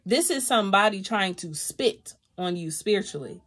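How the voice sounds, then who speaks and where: A woman doing a live tarot reading, talking in a lively, casual way, swearing freely and laughing often. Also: mid-range voice, normal speed. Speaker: tarot reader.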